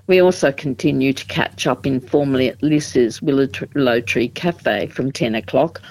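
Measured woman explaining calmly. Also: rumbling low, poor audio. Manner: measured, explanatory, with frequent ums and restarts. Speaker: support group representative. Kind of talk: radio interview.

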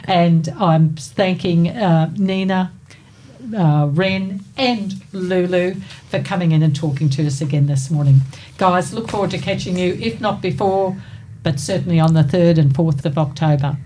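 A woman's voice: lowish voice, measured pace, mellow, a little hiss or hum. A woman hosting a radio interview, chatty and encouraging. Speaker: radio host.

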